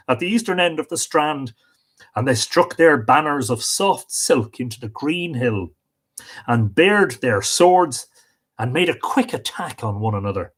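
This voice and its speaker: A man reading an old legend on a live stream, expressive and stopping for joking asides to his audience. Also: medium pitch, moderate pace, husky. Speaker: storyteller and stream host.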